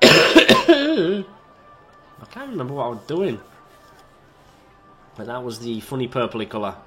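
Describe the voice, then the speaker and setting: A man's voice: mid-range voice, sing-song, moderate pace, soft background music. A man giving casual, rambling, self-mocking commentary as he plays a park-building video game and talks to its little characters. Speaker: video game let's-player.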